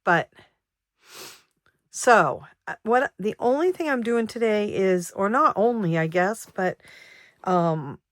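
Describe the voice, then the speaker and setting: A woman in her sixties, a savings vlogger, who talks in a halting, reflective and emotional way, with many ums and restarts. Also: mid-range voice, expressive, no room sound, clean studio sound. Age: 60s. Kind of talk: personal vlog chat.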